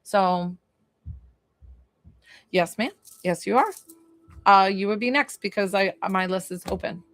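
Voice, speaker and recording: A woman's voice: mid-range voice, measured pace, fairly bright tone, no room sound. Chatty woman hosting a dry-sounding live stream. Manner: chatty and effusive, swears casually. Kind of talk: casual live-stream chat with viewers. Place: basement room.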